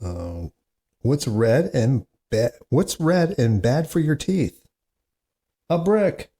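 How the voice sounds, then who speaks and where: A man's voice: medium pitch, very animated, takes it slowly, warm tone, husky. Man groaning at his own corny jokes. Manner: self-mocking, groans at his own bad jokes, chatty asides. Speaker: podcast host. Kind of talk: solo comedy podcast, reading corny jokes.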